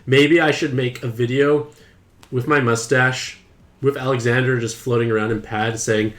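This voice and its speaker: A young man chatting playfully to his viewers while streaming a mobile game, with excited outbursts. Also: mid-range voice, normal speed. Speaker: gaming streamer. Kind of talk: casual game commentary to live chat.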